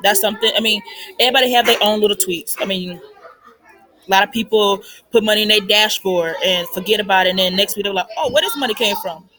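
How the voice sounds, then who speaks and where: A young woman talks fast about money in an unscripted, chatty monologue recorded on a phone. Her mid-range voice is steady and a bit bright, and she repeats herself a lot, filling gaps with "like" and "I mean."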